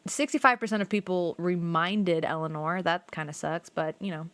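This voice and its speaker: Speaking at a normal speed in a lowish register, this young woman streams a video game and drifts through casual anecdotes. She says "like" constantly, swears now and then, and keeps the storytelling lively. No echo is present.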